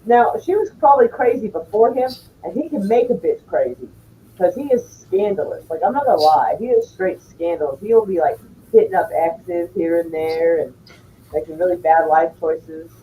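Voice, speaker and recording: A woman's voice: fairly low pitch, normal speed, recorded from a distance, phone-quality sound, a little hiss or hum. A woman telling a story in casual chat, blunt and full of swearing. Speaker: streamer chatting with viewers.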